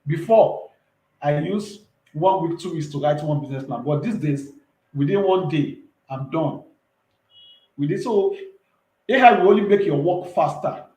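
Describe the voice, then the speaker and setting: A man's voice: on the high side, animated, unhurried, a little mellow, reverberant, poor audio. A man, talking earnestly and emphatically as an entrepreneur guest in a casual interview, often repeating himself.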